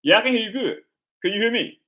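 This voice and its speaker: A man's voice: high voice, lively intonation, quick pace, bright, forceful tone. A man hosting a live stream chat, talking casually in slang and stumbling over repeated words.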